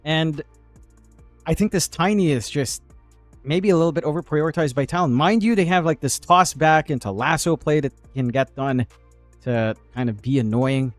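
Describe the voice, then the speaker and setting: This esports caster has a voice on the high side and speaks at a moderate pace. He analyzes lanes and items during a live match in a chatty style, trading jokes with his co-caster. The recording is dry, with music in the background.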